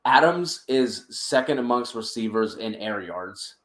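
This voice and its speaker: A man's voice: mid-range voice, lively intonation, unhurried, fairly bright tone, reverberant. A man co-hosting a sports betting podcast, chatting casually and stumbling over repeated words as he reels off stats. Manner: stammers and repeats words while reeling off stats.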